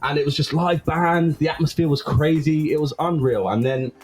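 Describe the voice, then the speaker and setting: A man's voice: fairly high pitch, normal speed, a little mellow. A man from Luton, England, chatting as a guest, nostalgic and chatty. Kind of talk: casual banter.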